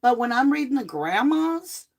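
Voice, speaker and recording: A middle-aged woman hosting a live true crime tarot chat from home, talking casually and bluntly with animated asides while she is sick on cough medicine. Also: high voice, normal speed. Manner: chatty, blunt, animated asides and mock quotes.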